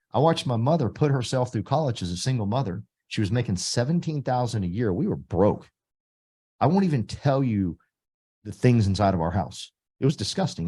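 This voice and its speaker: Middle-aged guy giving a motivational pitch, low mellow voice, goes loud then real quiet. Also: husky. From Texas. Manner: emphatic, swings between loud punches and soft asides. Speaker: real estate company leader. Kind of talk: motivational recruiting speech.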